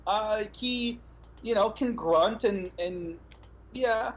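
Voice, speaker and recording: Rambling, hesitant tabletop player. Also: male voice, high-pitched, very slow. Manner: hesitant, rambling, lots of fillers. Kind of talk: playing a tabletop game. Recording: faint background noise.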